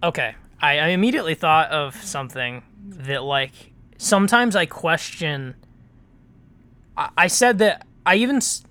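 A man with a bright, fairly high voice chats casually as a podcast co-host. He hesitates often, restarting sentences and leaning on fillers. His talk stays loose and easygoing. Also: clear, resonant tone. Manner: hesitant, many restarts and fillers, laughs easily. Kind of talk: casual chat.

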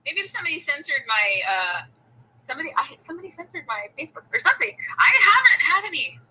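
A woman's voice: high voice, sing-song, fast, sharp tone, rough recording. A woman who sings and trains voices, speaking in a casual interview, agreeable and hesitant with many fillers. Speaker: singer and vocal trainer.

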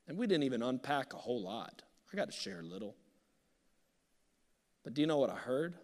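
A male pastor preaching a sermon, swinging from loud bursts to hushed, near-whispered passages. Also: medium pitch, very animated, a little fast, gravelly. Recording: long reverb of a large hall.

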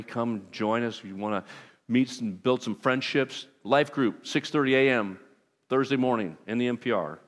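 A man preaching a sermon as pastor, talking to his congregation in a conversational, self-deprecating way with lively asides. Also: lowish voice, smooth. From Southern California. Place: church sanctuary. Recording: long reverb of a large hall.

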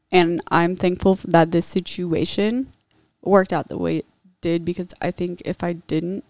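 Young woman vlogger, blunt confessional storyteller who curses often; raspy vocal fry, dead-dry recording. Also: lowish voice, dry recording. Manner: blunt, heavy swearing, candid. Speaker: vlogger telling a personal story.

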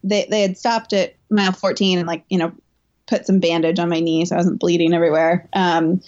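A woman's voice: fairly low pitch, flat delivery, a little fast, a little mellow, lo-fi sound. A woman runner and coach recounting a race in an interview, talking in a candid, emotional way full of fillers and restarts. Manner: chatty, filler-heavy, emotional retelling. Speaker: elite marathon runner and coach.

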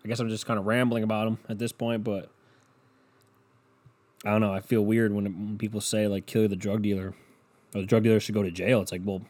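A man's voice: lowish voice, flat delivery, fairly quick, long pauses, darkish tone. Rambling, profane man talking alone. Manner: rambling, profane, trails off into mumbles. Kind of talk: casual rambling monologue. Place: home room with a barking dog.

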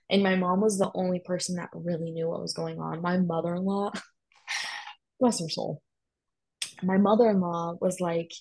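A woman's voice: lowish voice, fairly even intonation, normal speed, long pauses, darkish tone, rough recording. A young woman telling a personal story in a chatty way, full of "like" and emphatic asides. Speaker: guest sharing a personal story.

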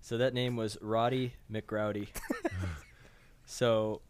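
A man's voice: lowish voice, flat delivery, slow pace, a little hiss or hum. A man co-hosting a casual podcast, telling a profane story and laughing a lot. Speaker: podcast co-host.

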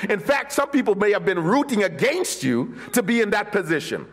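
A man preaching a sermon as pastor, his voice swinging from sung high calls down to low, quiet murmurs. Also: big pitch swings, brisk.

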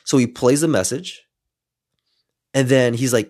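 A man in his twenties, a podcast host telling a story in casual, lively style, adding some playful swearing. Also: mid-range voice, fast talker. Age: 20s.

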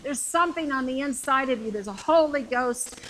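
Preaching to a congregation that responds to her, a middle-aged woman speaks in a high, fairly bright voice at a normal pace. Her style is conversational yet emphatic, stacking repeated phrases to make her case, over a rough recording with slight hiss or hum.

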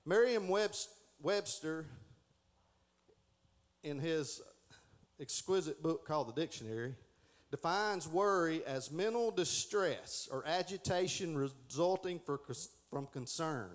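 A man's voice: a little high, expressive, unhurried. Folksy man teaching Sunday school. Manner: folksy, stumbles and restarts while reading aloud.

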